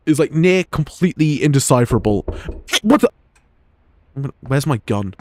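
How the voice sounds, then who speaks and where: A man's voice: mid-range voice, very animated, normal speed, slight background noise. A man, streaming a game and rambling crude jokes at home. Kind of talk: gameplay live stream commentary.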